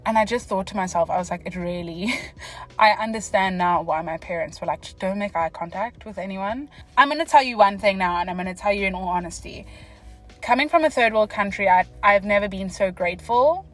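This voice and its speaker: A young South African woman telling a story from her car, casual and animated, jumping between whispers and loud exclamations. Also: medium pitch, brisk, faint music behind, low-quality recording. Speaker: vlogger. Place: parked car.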